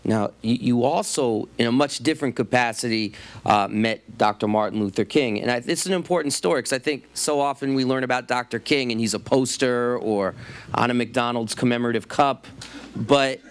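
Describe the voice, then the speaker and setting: A man's voice: mid-range voice, moderate pace. A man interviewing a guest on stage, setting up his questions at length. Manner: thoughtful, sets up a question at length. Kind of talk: onstage interview.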